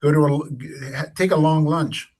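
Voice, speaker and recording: A man in relaxed, easygoing chat, often trailing off and restarting mid-thought. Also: a little high, normal speed. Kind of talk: casual chat.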